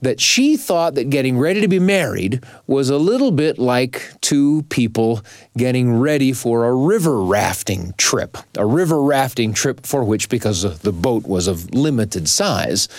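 Calm, thoughtful male host. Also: medium pitch, normal speed, dry recording. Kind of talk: reflective radio commentary.

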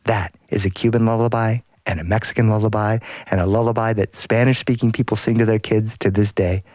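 A male storyteller telling a folk tale in a playful, lively, sing-song way. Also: fairly low pitch, brisk, no room sound. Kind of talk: animated storytelling.

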